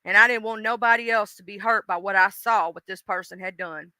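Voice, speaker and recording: Southern lady on a livestream, super bright crisp voice, cussin and blunt, dry sound. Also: medium pitch, steady tone, brisk, no room sound. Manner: blunt and profane, affectionate toward viewers. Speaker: livestream host. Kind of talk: casual livestream chat.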